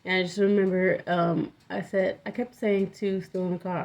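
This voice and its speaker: A woman's voice: mid-range voice, level tone, moderate pace, gravelly, darkish tone. A young woman telling a personal story in a candid, rambling, profane way, with lots of fillers. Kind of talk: casual storytime vlog. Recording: dull lo-fi audio.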